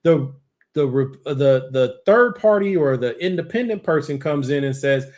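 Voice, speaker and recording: A man's voice: expressive, normal speed, darkish tone. A man hosting a political talk show, arguing with passion and rhetorical questions. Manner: impassioned, rhetorical, pitch rising when worked up. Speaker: show host. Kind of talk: political commentary.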